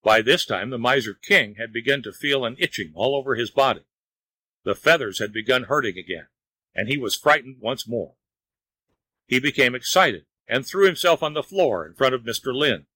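Bright-voiced man reading a folk tale. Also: medium pitch, expressive, no echo, low-quality recording. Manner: measured storytelling. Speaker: narrator.

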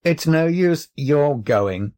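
A man reading the part of a sly, self-satisfied male cat in a storybook, teasing and unhurried. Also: a little high, lively intonation, a little mellow, pitched above the performer's own voice. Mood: smug. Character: sly, smug male cat in a boy's body.

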